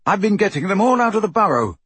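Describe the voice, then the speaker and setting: A man voicing a young adult man who explains things briskly, in a higher and louder voice than his narration. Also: sing-song, breathy edge, dry recording, exaggerated voice. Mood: urgent.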